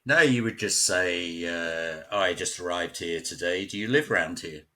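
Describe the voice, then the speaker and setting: A deep-voiced English man from West London speaks in an unhurried way with a sharp tone. He's a local guest in a casual conversation, a chatty storyteller who laughs often.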